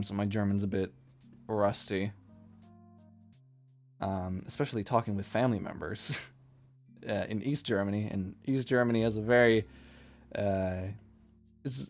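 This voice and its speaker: A man's voice: lowish voice, a little mellow. Rambling, chatty man streaming while drawing. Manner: rambling and chatty, quick to laugh at his own jokes. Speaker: live streamer drawing manga. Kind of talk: casual live-stream chat while drawing. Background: faint music playlist.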